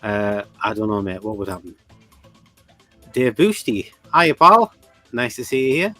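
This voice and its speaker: A man's voice: lowish voice, sing-song, sharp tone, no echo, soft background music. A man co-hosting a casual livestream, reading out viewer comments and greeting people in chat. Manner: chatty, greets viewers, quick bursts. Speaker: livestream co-host.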